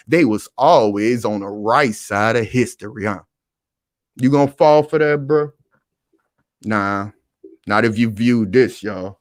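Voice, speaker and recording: A man's voice: lowish voice, a little slow, no room sound, studio quality. A man hosting a live stream and talking casually, preaching and calling out to his viewers again and again.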